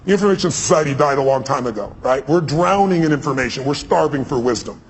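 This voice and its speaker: Man, rapid animated stage talk, emphatic, live audience in a big hall, reverberant room, faint background noise. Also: medium pitch. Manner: animated, emphatic, repeats words. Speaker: guest speaker on stage. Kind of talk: energetic on-stage storytelling.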